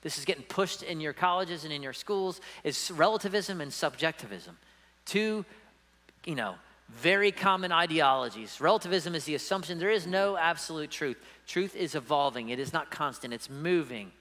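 A man preaches to his congregation in a bright, forceful voice pitched a little high. He talks emphatically but conversationally, often checking in with his listeners. The sound carries a long reverb from a church hall. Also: animated, moderate pace. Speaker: pastor. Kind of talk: sermon. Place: church sanctuary.

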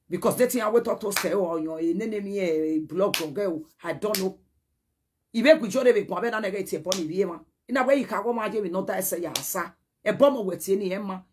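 A woman's voice: medium pitch, darkish tone, slightly rough. A woman with a Nigerian accent, delivering an emphatic, rambling direct-to-camera message. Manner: emphatic and rambling, code-switching. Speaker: social media personality.

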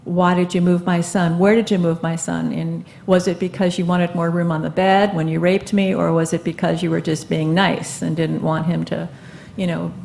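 A woman in her seventies speaking onstage at a live event, telling her own story in an earnest, halting way with many fillers and restarts. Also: lowish voice, vocal fry, darkish tone, a little hiss or hum. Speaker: guest speaker. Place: live event stage before an audience.

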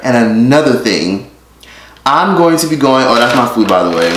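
Holding his phone up to film himself, this YouTuber chats casually at a medium pitch with a slightly bright tone. He speaks straight to viewers, cracking jokes and swearing often, in an echoey room with faint noise.

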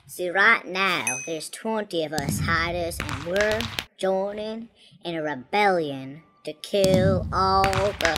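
A woman commenting on a block game as a small, rebellious talking flower pot, stammering and repeating her words. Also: fairly low pitch. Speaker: gameplay commentator. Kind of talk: in-character gameplay commentary. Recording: home mic with steady hiss.

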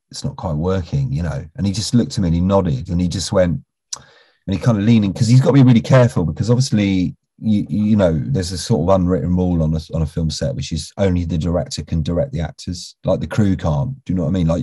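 A British actor, a guest in an interview, tells casual anecdotes in a low, husky, dark male voice with no room sound. He rambles, restarts often, says "you know" a lot, and drops to a near whisper when quoting people.

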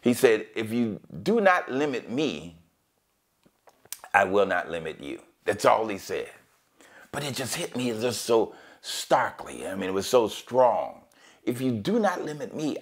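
A man preaching a sermon as pastor, teaching verse by verse and quoting scripture in a raised, drawn-out voice. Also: medium pitch. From United States. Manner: emphatic preaching, quotes scripture in a raised, slowed voice.

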